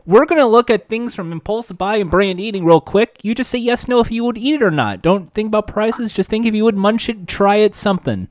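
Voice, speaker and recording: A man's voice: sits high, a little fast, few pauses. A man hosting a casual podcast chat and running the segments. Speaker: podcast host.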